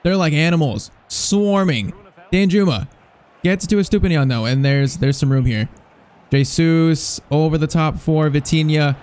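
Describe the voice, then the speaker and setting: A young man giving live, excitable commentary over a football video game, reacting nervously and shouting at big chances. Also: a little high, a little slow. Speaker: gaming YouTuber.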